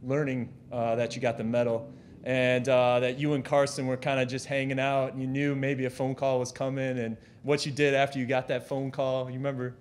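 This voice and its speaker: Flat-voiced man asking a question. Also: medium pitch, fairly quick, slight background noise. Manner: friendly, filler-heavy, flat delivery. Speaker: audience member asking a question. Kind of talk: casual question from the audience.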